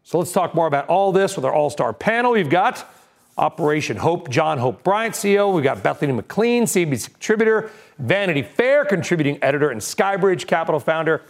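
A man hosting a cable news show, moving briskly between stories and guests in an animated anchor delivery. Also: on the high side.

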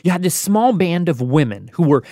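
A man hosting a podcast, narrating a story clearly. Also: fairly high pitch, sing-song, a little fast, warm tone, no room sound, studio quality.

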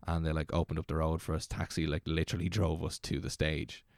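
A young Irish man in his twenties, a DJ telling a rambling, excitable story as a guest. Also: rumbling low, fast talker, no echo, studio quality. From Ireland. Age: 20s. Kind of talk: casual storytelling.

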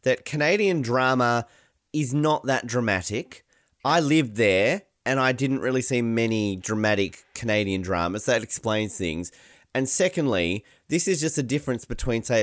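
Animated, teasing Australian man. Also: medium pitch, no echo, studio quality. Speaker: podcast co-host. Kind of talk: casual sports chat.

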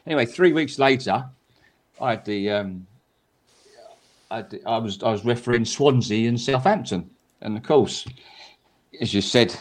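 A man's voice: mid-range voice, normal speed, long pauses. An older man, a former football referee, telling stories on a podcast in a chatty way, repeating words and acting out quotes. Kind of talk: anecdotal storytelling on a podcast.

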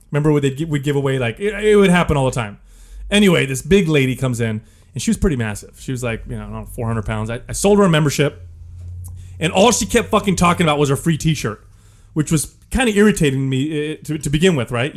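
Profane storytelling man, lively pitch. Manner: animated, profane, laughs while telling. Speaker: podcast co-host. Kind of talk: casual storytelling.

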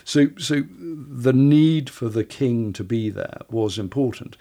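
A man's voice: mid-range voice, slow, dark tone. A man telling history stories in a casual podcast conversation, often stumbling and restarting his phrases. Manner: stammering restarts, storytelling.

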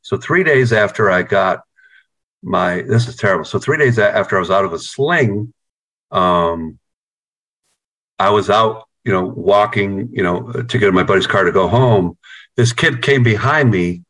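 A man's voice: lowish voice, normal speed, fairly bright tone. A middle-aged man from New York, a band's guitarist, telling rambling, profane stories in casual chat over a video call. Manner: profane, rambling, repeats words. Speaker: guitarist in a band, interviewee.

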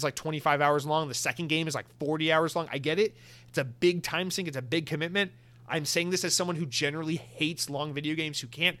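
A male podcast host with a slightly high voice, talking in an animated, rambling way. He restarts his sentences often and drifts into side comments as he goes.

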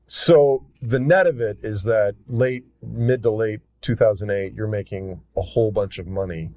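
A man's voice: lowish voice, moderate pace, warm tone, dry recording. A man hosting a podcast interview, asking short, probing questions and giving brief backchannels. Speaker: podcast host.

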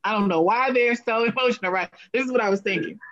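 Lively woman storyteller, lo-fi sound. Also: fairly high pitch, fast talker, background noise. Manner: animated storyteller who acts out quotes. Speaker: guest, speaker and coach. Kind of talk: casual interview storytelling. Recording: dull lo-fi sound.

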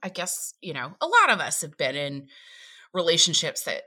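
A woman's voice: sits low, huge pitch swings, normal speed, pushed and bright. A woman with an Appalachian accent, a podcast guest telling a personal story vividly and acting out her own inner voice.

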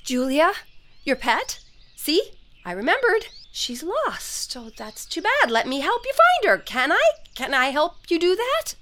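امرأة تؤدي دور أم مشتتة تعتذر لابنتيها، تتكلم بثرثرة متلهفة وهي تلهث في دراما صوتية. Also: female voice, sits high, wildly swooping pitch, a little slow, bright, forceful tone, heavily acted. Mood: eager. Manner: rambling, eager, self-deprecating. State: out of breath. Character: scattered, apologetic mother of two teen girls. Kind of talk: audio drama acting.

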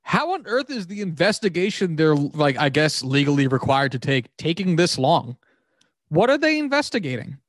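A man with a somewhat high voice talks sports in an animated, exasperated way. He swears freely and slips into sarcastic asides. The recording is dry and close. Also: normal speed, few pauses, no echo. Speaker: podcast co-host. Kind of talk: casual sports chat.

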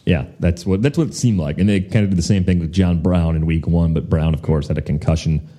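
A man hosting a casual fantasy football podcast, talking in a measured, analytical way. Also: sits low, mellow. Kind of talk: casual sports chat.

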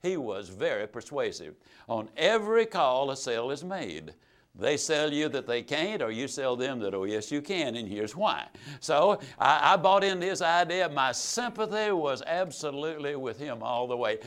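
A man telling a true story in a motivational sales talk, folksy and emphatic, swinging between loud and soft. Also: a little high. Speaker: sales trainer and motivational speaker.

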